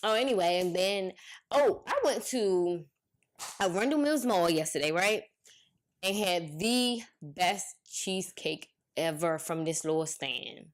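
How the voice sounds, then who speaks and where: A woman's voice: fairly low pitch, a little slow. Chatty young woman telling stories. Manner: chatty storytelling, slangy, animated quoting. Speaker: podcast co-host. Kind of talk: casual chat.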